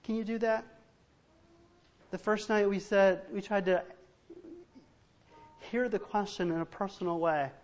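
A man's voice: sits high, steady tone, a little slow, pauses often, highs cut off, faint music behind. A man preaching a sermon as pastor, earnest and emphatic, often restarting phrases as he drives a point home.

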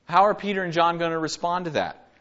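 A man's voice: fairly high pitch, fast, fairly bright tone, muffled recording. A man giving an earnest, conversational Bible study sermon, reading verses aloud and explaining them. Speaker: Bible teacher.

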